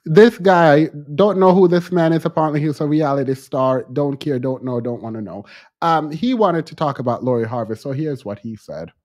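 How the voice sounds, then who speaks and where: A man co-hosting a casual commentary podcast, reacting in an animated, exasperated way. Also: moderate pace. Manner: animated, exasperated commentary with sudden pitch jumps. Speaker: podcast co-host.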